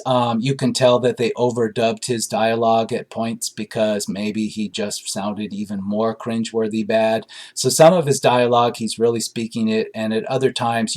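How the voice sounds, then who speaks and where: A man's voice: on the low side, a little mellow. Rambling blunt male movie reviewer. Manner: rambling, searching for words with many fillers; blunt and critical. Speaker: film reviewer. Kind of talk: casual spoken movie review.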